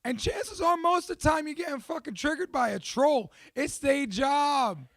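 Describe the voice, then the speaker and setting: A young man hosting a podcast, talking in a casual, profane, animated and self-mocking monologue. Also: very high voice, moderate pace, no echo. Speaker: podcast host.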